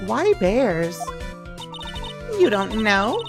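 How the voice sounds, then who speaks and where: A woman's voice: deep voice, expressive, moderate pace. A woman streamer reading a visual novel game aloud, with playful, swearing jokes thrown in. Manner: playful, swearing, joking asides. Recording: game music playing behind.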